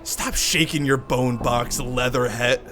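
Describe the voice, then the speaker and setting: A man's voice: mid-range voice, steady tone, unhurried, music in the background, lightly acted. A man reading the lines of a hotheaded male street thug who threatens and blusters. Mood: threatening.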